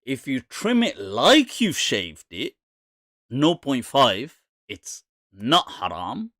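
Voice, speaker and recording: Man, host, lively swooping pitch, mocking and amused. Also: slow pace, no echo, clean studio sound. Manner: animated, mocking, laughs often. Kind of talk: casual live Q&A talk.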